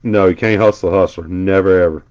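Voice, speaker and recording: A man's voice: low-pitched, steady tone, fast, a little mellow, dull audio. Chatty man calling out cards. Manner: chatty storyteller rattling off card names. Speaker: card break host. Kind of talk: casual live stream chat.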